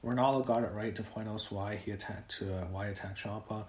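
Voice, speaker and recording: A man's voice: fairly low pitch, fairly even intonation, fairly quick, a little mellow, reverberant. A man giving a casual, rambling solo review of a wrestling show, with lots of fillers and swearing when he gets worked up.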